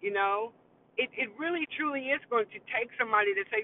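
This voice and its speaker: A man hosting a show, talking in a long-winded, rambling way full of fillers. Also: quick pace. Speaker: host. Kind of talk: casual commentary monologue. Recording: tinny phone-like sound with faint vehicle rumble.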